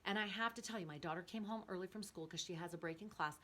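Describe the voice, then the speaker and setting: A middle-aged woman host telling personal stories in a casual, earnest and animated way. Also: fairly low pitch, quick pace. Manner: earnest, animated storytelling with rising excitement.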